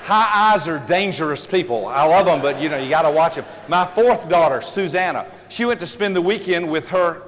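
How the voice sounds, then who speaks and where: A man giving a humorous seminar talk, telling family stories in an animated, joking way. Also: fairly high pitch, moderate pace, hardly any pauses, big-room sound, a little hiss or hum. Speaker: seminar speaker.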